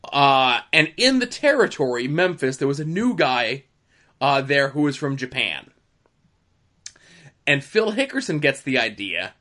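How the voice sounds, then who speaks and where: Animated, bright-voiced male storyteller. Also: mid-range voice, unhurried. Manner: animated storyteller, sly asides. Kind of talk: casual chat, storytelling.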